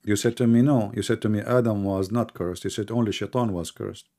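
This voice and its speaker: A man's voice: fairly low pitch, steady tone, fairly quick, dark tone. A man with a voice in an online religious debate, pushing hard, interrupting and sarcastic.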